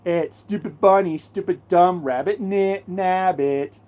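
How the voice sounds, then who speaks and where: A channel host doing a live fan Q&A, ranting excitably about characters with sudden bursts of shouting. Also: mid-range voice, slow pace.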